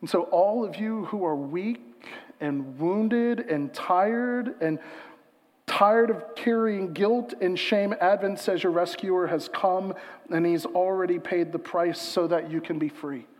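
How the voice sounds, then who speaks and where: A man preaching a sermon as pastor, emphatic and building to loud peaks, slowing to a hushed, reflective reading. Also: sits high, long reverb tail.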